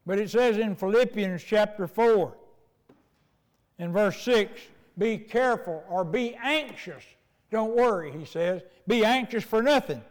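A man's voice: high-pitched, a little slow, in a large hall. An older man preaching a sermon as pastor, telling homespun stories in a folksy way.

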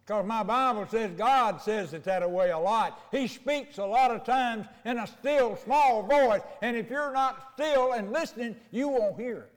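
Older man, high-pitched voice, folksy preacher, long church-hall reverb. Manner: homespun storytelling, slows for emphasis. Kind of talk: folksy sermon. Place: church sanctuary. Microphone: mic.

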